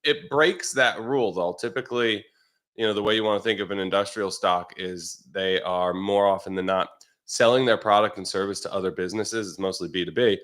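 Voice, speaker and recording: A man discussing stock charts in casual chat over a video call, measured and plain. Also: on the low side, a bit bright. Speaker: research director co-host.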